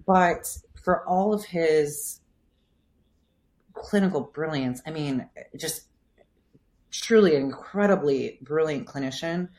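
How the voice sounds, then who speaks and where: A woman's voice: low voice, takes it slowly, long pauses, a little mellow. Thoughtful woman explaining as a guest. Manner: thoughtful, explanatory, frequent "like" fillers. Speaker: physical therapist and coach. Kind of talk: casual podcast interview.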